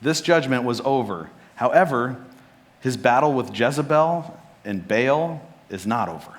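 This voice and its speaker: A man preaching a sermon as pastor, telling a Bible story with lively acted-out lines. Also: medium pitch, a little slow. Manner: animated storytelling, acting out Bible characters' lines. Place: church sanctuary.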